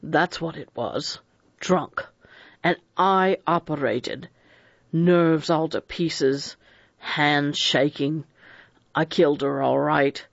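A self-possessed middle-aged doctor, as a man reads him, smooth and evasive, with a slow, unhurried delivery. The sound is dry and a little dull. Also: a little high, no echo, heavily acted. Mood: guilt-ridden. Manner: composed, good-natured, evasive.

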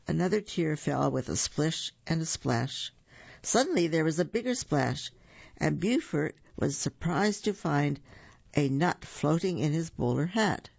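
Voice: mid-range voice, expressive, unhurried, creaky, a little mellow, husky, no room sound, lo-fi sound. A storyteller reading children's stories aloud and explaining the lesson afterwards.

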